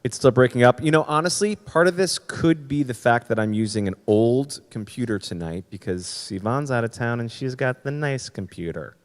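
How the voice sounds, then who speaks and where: A man's voice: medium pitch, lively intonation, moderate pace, few pauses, big-room sound. A man hosting his weekly comedy-music livestream from home, rambling in a self-deprecating way with crude jokes. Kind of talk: casual livestream banter. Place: home, streaming.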